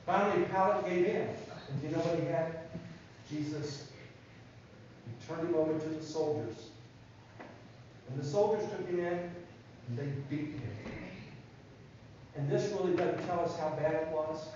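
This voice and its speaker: A man giving a children's sermon in a church, telling a Bible story in an animated way and asking the kids questions. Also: a little high, measured pace, pauses often, a little hiss or hum. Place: church sanctuary. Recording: echoey church from far off, dull sound.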